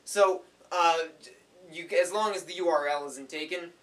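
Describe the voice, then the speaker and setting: A man improvising goofy parody ads in a rambling, deadpan way, correcting himself as he goes. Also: fairly high pitch, normal speed, distant mic. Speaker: video creator.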